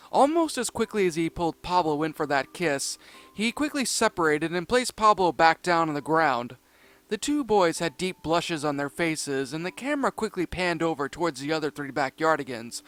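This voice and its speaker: A man narrating a fan-written cartoon story, animated and prone to small slips and restarts. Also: on the high side.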